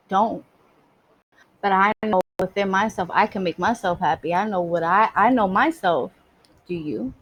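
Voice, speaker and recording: A woman's voice: mid-range voice, breathy edge, rough recording. Emphatic streetwise woman. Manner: emphatic, streetwise, swears freely. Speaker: spiritual vlogger. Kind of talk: casual spoken monologue.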